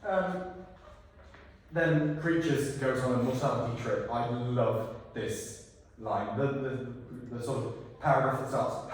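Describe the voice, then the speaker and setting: A man directing a theatre rehearsal, talking actors through scenes in an animated way and slipping into silly voices. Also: mid-range voice, takes it slowly, slight background noise. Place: rehearsal hall. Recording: echoey hall, far from the mic.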